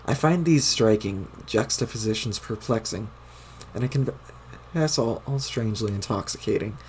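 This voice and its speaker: A man's voice: lowish voice, normal speed, a little mellow, slight background noise, lightly acted. A man voicing a stiff, haughty male troll aristocrat while reading a webcomic aloud, with overly formal wording.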